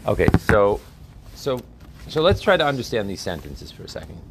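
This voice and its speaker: A man's voice: fairly low pitch, wildly swooping pitch, moderate pace, noisy background. A man teaching a religious text class, often asking his students questions and checking that they follow.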